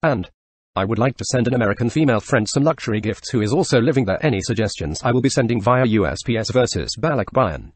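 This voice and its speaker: A male text-to-speech robot voice reading forum questions and answers in an even, synthetic way. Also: medium pitch, quick pace, no echo. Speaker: video narrator. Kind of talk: reading forum posts aloud.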